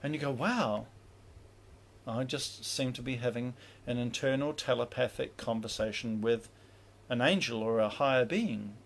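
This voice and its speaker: A man's voice: medium pitch, moderate pace, creaky, a little hiss or hum. A man teaching spiritual practice in a casual livestream, rambling with many fillers and acting out inner dialogues.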